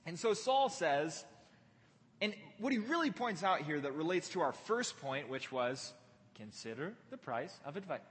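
A man's voice: fairly high pitch, big pitch swings, normal speed, fairly bright tone, in a large hall. A man preaching a sermon as a pastor, playful and conversational, with casual fillers.

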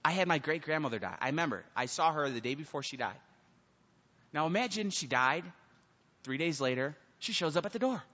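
A man's voice: a little high, a little fast. A man preaching a sermon to teens as a youth pastor, acting out the people in his stories. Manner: animated storytelling, acts out the people in the story. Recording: muffled sound with long hall reverb.

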